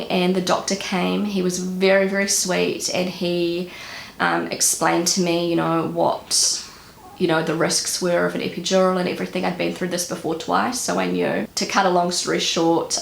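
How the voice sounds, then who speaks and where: A woman's voice: lowish voice, fairly even intonation, normal speed, creaky. A young woman with a New Zealand accent, telling a personal story to camera in a chatty way, with many fillers and repeated words. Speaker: vlogger. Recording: echoey room with faint noise.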